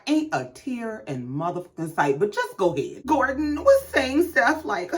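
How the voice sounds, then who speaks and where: A woman's voice: fairly high pitch, wildly swooping pitch, normal speed, hardly any pauses. A woman giving a blunt, sarcastic, profanity-filled casual recap of a reality show episode.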